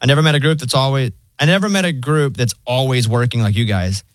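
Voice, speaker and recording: A man hosting a radio show from a studio, recorded close and dry with no room sound. He tells stories in a relaxed, casual way, with a dry, understated delivery and a mid-pitched voice. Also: quick pace, dry recording. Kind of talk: casual morning show banter. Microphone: studio microphone.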